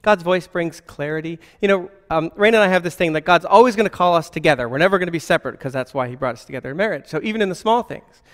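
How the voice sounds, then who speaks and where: A man's voice: on the high side, fast talker, few pauses, fairly bright tone, big-room sound. A man giving an informal Christian teaching in a conversational way, often asking rhetorical questions.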